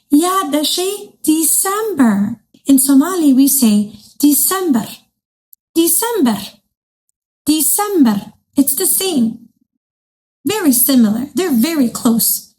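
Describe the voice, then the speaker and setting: A woman teaching young children in an animated, sing-song way, speaking straight to them as her little friends. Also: high voice, takes it slowly, poor audio. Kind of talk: bilingual kids' lesson.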